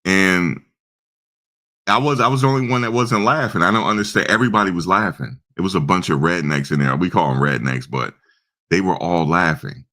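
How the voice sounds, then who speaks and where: A man's voice: low-pitched, brisk. A young man from New Jersey telling a casual personal story, acting out the people he quotes as he goes. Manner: animated storyteller who acts out the people he quotes.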